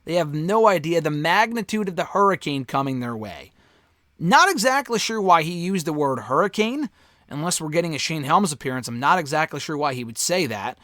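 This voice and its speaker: A man's voice: on the high side, sing-song, brisk, a bit bright, no room sound, studio quality. A man giving a casual spoken review of a wrestling show, candid and offhand, swearing freely.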